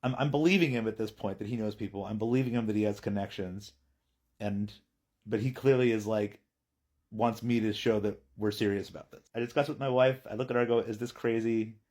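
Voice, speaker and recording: A man telling a personal story in a chatty, animated vlog. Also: fairly low pitch, fairly quick.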